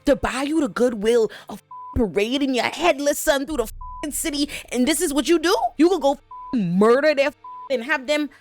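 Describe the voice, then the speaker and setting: A woman's voice: high-pitched, normal speed, soft background music, voice pushed up, lightly acted. Woman putting on an exasperated old royal advisor. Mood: indignant. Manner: profane, incredulous scolding. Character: exasperated elderly male royal advisor, a grandfather.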